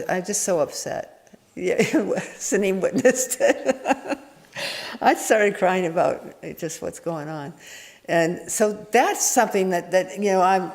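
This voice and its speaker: Woman, Zen teacher, candid meandering talk, mid-pitched, echoing meditation hall. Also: a little mellow. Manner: meandering and candid, with frequent restarts and chuckles. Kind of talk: informal dharma talk. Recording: echoey hall reverb.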